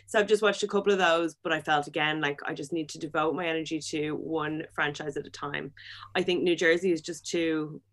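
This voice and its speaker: A woman's voice: low voice, fairly even intonation, fairly quick. A young woman chatting casually about reality TV, gushing and giggly, often laughing mid-sentence. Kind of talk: casual chat.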